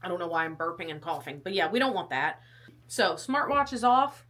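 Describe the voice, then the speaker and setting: A woman's voice: lowish voice, very animated, a little fast, a bit bright. A young woman vlogging casually about her fitness test, chatty and rambling, coughing and out of breath. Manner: chatty, rambling, self-deprecating.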